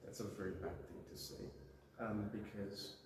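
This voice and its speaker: Recorded in a noisy, echoey room on a university campus with a distant mic, this young podcast guest talks at a moderate pace. His voice sits on the low side with a steady tone, and his casual chat rambles, full of fillers and self-deprecation.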